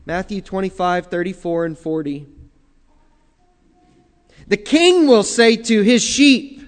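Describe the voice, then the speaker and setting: A man preaching a sermon as pastor, slow and emphatic, drawing out key phrases. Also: high-pitched, very animated, in a large hall.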